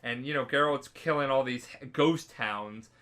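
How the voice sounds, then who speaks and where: A man's voice: medium pitch, normal speed, fairly bright tone. A drunk man co-hosting a podcast, rambling and laughing, with many fillers and restarts. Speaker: podcast co-host. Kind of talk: casual chat.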